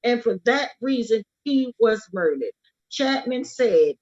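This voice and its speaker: A woman's voice: a little high, lively intonation, slow pace, a little mellow. A woman speaking urgently and emphatically as an activist, repeating her key words for force. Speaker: activist speaking about her brother's death. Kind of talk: impassioned speech at a livestreamed rally. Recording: lo-fi livestream audio.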